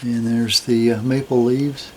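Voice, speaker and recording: Slow, easygoing older man. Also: medium pitch. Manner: slow, relaxed, admiring, with fillers. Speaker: metal detecting hobbyist host. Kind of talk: casual show-and-tell of a coin collection.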